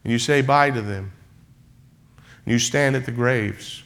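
A man's voice: medium pitch, unhurried, gravelly, a bit bright. A man preaching a sermon in church, building repeated refrains that rise into emphatic passages. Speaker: pastor.

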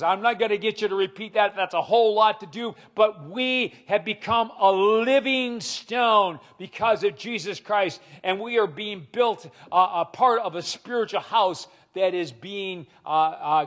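High-voiced, slow-speaking male pastor. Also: fairly bright tone. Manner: reads scripture aloud and leads the congregation in call-and-response; earnest, with frequent restarts and repeated words. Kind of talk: sermon.

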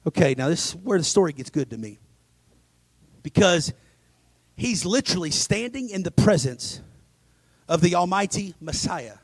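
A male pastor preaching a dramatic sermon, swinging between loud emphasis and hushed asides. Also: high voice, very animated, normal speed, pauses often, husky, dry recording. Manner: acts out scripture voices.

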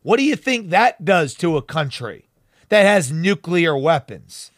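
A man's voice: fairly high pitch, big pitch swings, unhurried, no room sound, studio quality. A man hosting a talk show, delivering fiery, emphatic and sarcastic political commentary.

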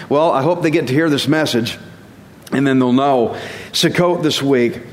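A man's voice: medium pitch, a little slow. A man giving a casual sermon as a Bible teacher, conversational and self-deprecating, chuckling at himself now and then. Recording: long reverb.

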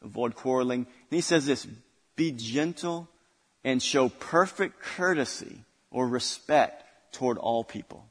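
A man's voice: mid-range voice, a little slow, big-room sound. A male pastor preaching a sermon, building intensity through repeated phrases. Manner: preaching with rising intensity and repetition.

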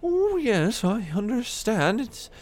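A man voicing a frantic female professor in a tabletop game, speaking in a shrill, panicky falsetto. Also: big pitch swings, slow pace, heavily acted. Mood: fretful.

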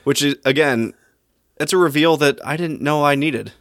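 A man's voice: on the high side, normal speed, no room sound, studio quality. A man co-hosting a podcast, giving wry, lightly sarcastic commentary while recapping a movie. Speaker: podcast co-host. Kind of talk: casual movie recap chat.

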